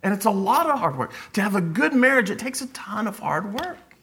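A middle-aged man preaching a sermon as a pastor, conversational and animated, telling stories with frequent restarts. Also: sits high, a little fast, slightly rough.

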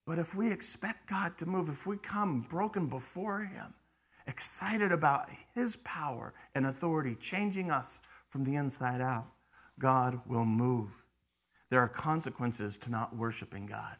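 A man preaching a sermon, shifting between hushed, quiet stretches and loud, emphatic bursts, often repeating words as he starts a phrase. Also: a little high, unhurried, breathy edge. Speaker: pastor.

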